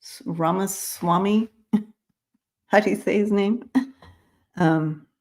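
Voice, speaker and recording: Greeting her viewers one by one by name, the host of a live-stream psychic reading show talks casually, filling her speech with fillers and restarts. She has a mid-range, slightly mellow voice and speaks slowly.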